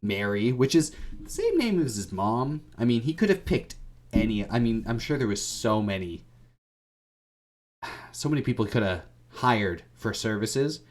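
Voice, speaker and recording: A man's voice: medium pitch, sing-song, normal speed. A man hosting a podcast, giving a rambling, irreverent comedic retelling full of slang. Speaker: podcast host.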